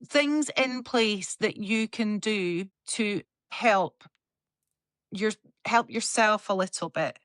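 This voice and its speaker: A woman co-hosting a podcast in casual chat, talking openly and telling stories with lively swearing. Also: mid-range voice, slow, no room sound, studio quality. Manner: chatty, swearing, animated storytelling. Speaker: podcast co-host. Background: talking while tending a dog.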